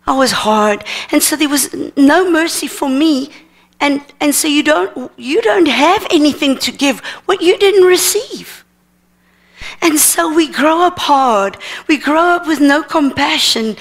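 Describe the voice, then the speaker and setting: A middle-aged woman teaching at a ministry seminar, sharing a personal testimony in an earnest, halting way with repeated words. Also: high-pitched, lively intonation.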